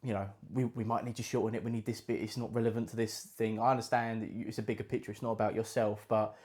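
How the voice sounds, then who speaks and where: Man, young adult, casual podcast chat, fast pace, rambling. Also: fairly low pitch, flat delivery, darkish tone. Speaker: podcast host and actor.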